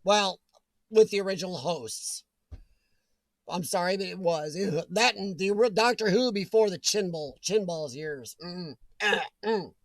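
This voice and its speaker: High-voiced chatty man hosting a stream. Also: unhurried, no echo. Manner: chatty, laughs often, jokes with viewers. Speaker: livestream host reading chat. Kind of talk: casual chat.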